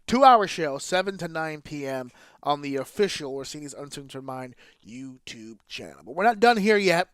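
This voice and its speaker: A man's voice: a little high, lively intonation, moderate pace, a bit bright, clear, resonant tone, no room sound, clean studio sound. Candid, casually profane podcast host man. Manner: candid and casually profane, with filler words and restarts. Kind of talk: casual solo podcast commentary.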